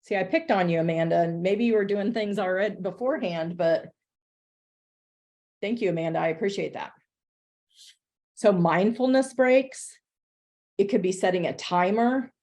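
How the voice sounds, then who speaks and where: A woman's voice: mid-range voice, moderate pace, pauses often, a little mellow. A woman presenting a webinar to educators, talking in a conversational, upbeat way and reading chat replies aloud.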